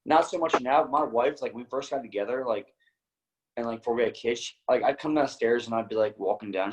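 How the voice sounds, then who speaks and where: A man chats on a podcast in a blunt, profane way. His voice sits in an ordinary middle register. He tells his stories with loose, lively energy. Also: mid-range voice, brisk, low-quality recording. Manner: blunt, heavy swearing, lively storytelling. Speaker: podcast guest. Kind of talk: casual podcast chat.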